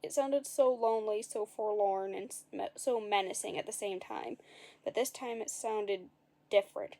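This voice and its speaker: A woman's voice: mid-range voice, normal speed, warm tone. A woman reading a children's story aloud, with playful asides to the listeners.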